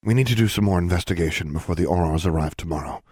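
A man's voice: low voice, racing, a little mellow, husky, no room sound, clean studio sound. A man putting on a stern, cold woman dean. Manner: clipped and commanding.

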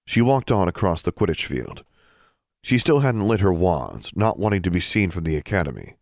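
A man narrating a fantasy story as an audiobook, steady storytelling with expressive dialogue. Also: low voice, normal speed, creaky, no echo, studio quality.

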